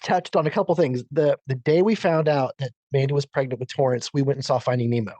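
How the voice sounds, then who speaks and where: A man's voice: medium pitch, quick pace, warm tone, no echo. A man in his forties co-hosting a podcast, teasing and laughing in casual chat. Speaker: podcast co-host.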